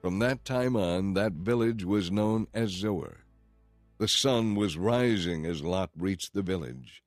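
A man giving a steady, measured scripted narration of a Bible story. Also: deep voice, dry recording, faint music behind. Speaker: scripture reader.

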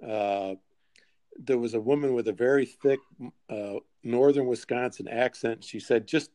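An older man in his sixties, a podcast guest telling lively anecdotes with frequent chuckles. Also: mid-range voice, unhurried, dry recording. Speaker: podcast guest, sports executive. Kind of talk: storytelling interview.

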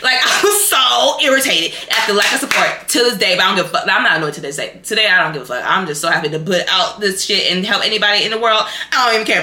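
A young woman talks straight into the mic as a podcast host, candid and swearing freely, her story running on with "like" and "y'all". Her voice is bright and forceful, and the room is echoey around her. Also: mid-range voice, fast, hardly any pauses. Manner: candid, profane, animated, lots of fillers. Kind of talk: casual storytelling monologue.

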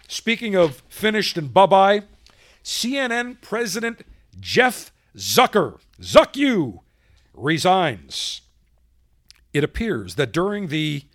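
A man's voice: a little high, a bit bright. A man hosting a podcast, delivering a combative, sarcastic political monologue. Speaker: podcast host.

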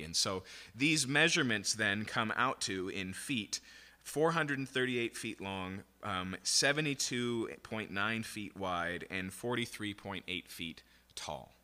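A man with a lowish, very bright and forceful voice gives a sermon-style Bible teaching. He explains patiently and keeps checking in with his listeners. His voice rings with a long reverb, as in a large hall. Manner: explanatory, checks in with repeated "okay?".

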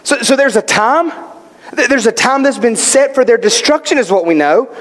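A man's voice: extremely high pitch, expressive, moderate pace. A male pastor preaching a sermon, emphatic, posing questions and answering them himself. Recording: long hall reverb.

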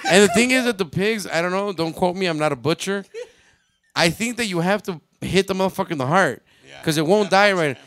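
A man's voice: sits high, brisk, fairly bright tone. A man in casual chat, telling profane stories and slipping into Spanish. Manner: profane storytelling, switching into Spanish.

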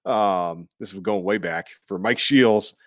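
A man from Iowa in casual sports chat, rambling with lots of fillers and breaking into goofy high voices when quoting people. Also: a little slow, no room sound.

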